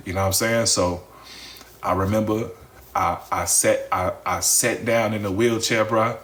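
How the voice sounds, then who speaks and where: A man's voice: lowish voice, fairly even intonation, measured pace, a bit bright. A man casually telling his followers a personal story, repeating phrases, talking straight to the audience and swearing freely.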